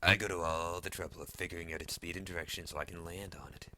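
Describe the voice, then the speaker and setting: A man voicing a hoarse, crusty male parasite living in a hand, grumbling and sarcastic in an audiobook. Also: low-pitched, steady tone, quick pace, pushed and bright, a little hiss or hum. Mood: complaining. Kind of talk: audiobook character voice.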